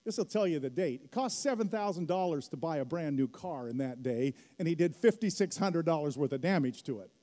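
A man's voice: on the high side, expressive, brisk, hardly any pauses, mellow. A middle-aged man preaching a sermon as pastor, telling a story and rising to emphatic peaks. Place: church hall. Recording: long hall reverb.

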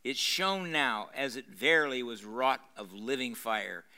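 In a university lecture room, an older pastor with a mid-range voice reads a passage from a novel to a gathered audience, playing up the drama and pausing to explain the scene. His delivery is bright and forward, and he often restarts phrases and fills his pauses as he reads.

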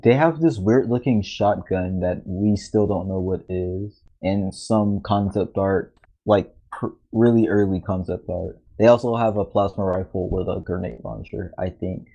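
A man co-hosting a casual gaming podcast, calmly explaining details in a matter-of-fact way. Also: low-pitched, measured pace, creaky, dull audio. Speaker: podcast co-host.

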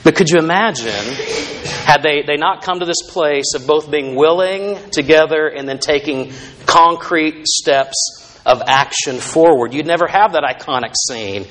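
A man's voice: on the high side, measured pace, fairly bright tone. A male pastor preaching a sermon in a conversational, storytelling way, with asides to the congregation.

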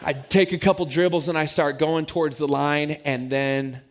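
A man in his forties, a pastor telling a story in a sermon with animated, self-mocking humor. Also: fairly high pitch, normal speed, slight background noise.

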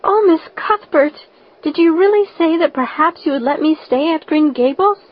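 A woman voicing an excitable, imaginative orphan girl who talks in a breathless, pleading rush. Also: sits high, normal speed, pitched above the performer's own voice. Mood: breathless hope. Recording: dull lo-fi recording.

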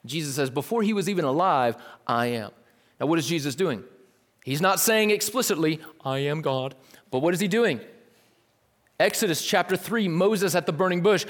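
A male pastor preaching a sermon in a casual, lively way, dropping slang asides. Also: a little high, normal speed. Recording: long hall reverb.

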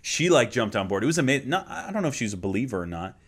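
A man in his thirties, a guest minister, sharing a personal story in an earnest, heartfelt way that often drops to a hushed tone. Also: medium pitch, sing-song, rapid-fire, slightly rough. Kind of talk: conversational storytelling.

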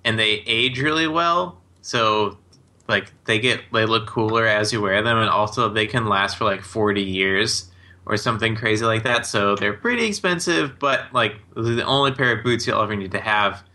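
A man's voice: lowish voice, moderate pace, pushed and bright. A man co-hosting a podcast, telling stories casually with lots of "like" fillers. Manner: casual, filler-heavy storytelling. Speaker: podcast co-host.

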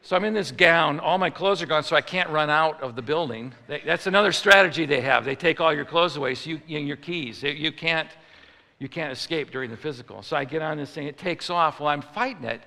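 A male preacher from Chicago tells a comic story in a lively, animated way, now and then rising into mock outrage. His voice is gravelly and very bright and sits a little high. A long hall reverb hangs on every line. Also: brisk.

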